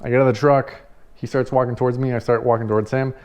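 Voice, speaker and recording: Man, party rental owner, casual storytelling, animated, swears a lot, laughs as he talks. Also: medium pitch, fast, clean tone. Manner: animated, swears freely, laughs while telling.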